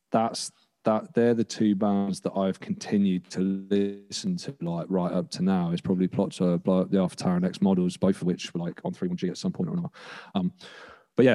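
A man's voice: low voice, dark tone. A young man, chatting casually on a podcast about music, rambling with restarts and casual swearing. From England. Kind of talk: casual chat.

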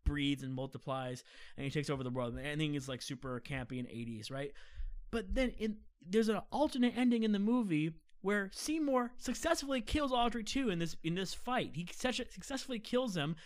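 A man's voice: high-pitched, brisk, no room sound. A man chatting casually as a podcast co-host, retelling a story in a rambling way full of fillers and small laughs. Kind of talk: casual chat.

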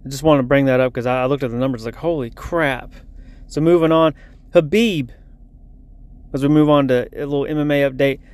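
A man's voice: mid-range voice, steady tone, fast talker, darkish tone, dry recording. A man giving a casual lunch-break sports update in a blunt, heated, profane rant.

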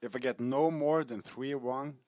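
A man's voice: medium pitch, fairly even intonation, moderate pace, darkish tone, no room sound. A man co-hosting a podcast, casual and easygoing, often a bit hesitant. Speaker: podcast co-host.

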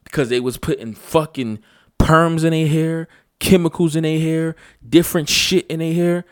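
A man's voice: on the high side, steady tone, normal speed, clean tone, dry recording, studio quality. A man ranting in a casual vlog, blunt and profane, hammering home his points over and over. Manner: blunt, profane, emphatic and repetitive. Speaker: vlogger. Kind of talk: casual unscripted rant.

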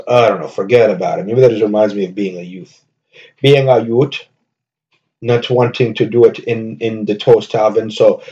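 A man hosts his own comedy podcast, rambling from one tangent to the next and swearing freely as he jokes. His voice sits on the low side, and the recording sounds dull and lo-fi. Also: mellow. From New Jersey. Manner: rambling, profane, joking. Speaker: podcast host. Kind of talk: casual comedy monologue.

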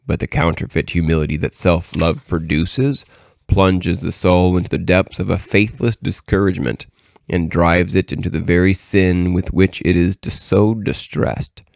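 A man with a very low voice reads a devotional book aloud in a measured, earnest way. The recording is dry and close, with no room sound. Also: gravelly, a little mellow, dry recording. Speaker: reader.

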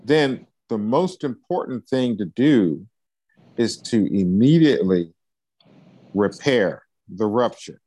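A man's voice: fairly low pitch, animated, slow pace, mellow, no echo. A man coaching a client, encouraging and preacher-like, often checking in with "right?". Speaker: life coach. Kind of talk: coaching session interview.

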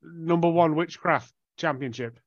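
A man's voice: a little high, measured pace, dry recording. A man co-hosting a podcast in casual banter, laughing and swearing as he rambles. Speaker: podcast co-host. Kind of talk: casual chat. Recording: dull, dry lo-fi sound.

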